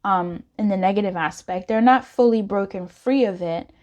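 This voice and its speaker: Woman, tarot reader, casual reading, chatty, expressive, mid-pitched voice. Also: normal speed, dull audio. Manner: chatty and expressive, talking straight to the viewer.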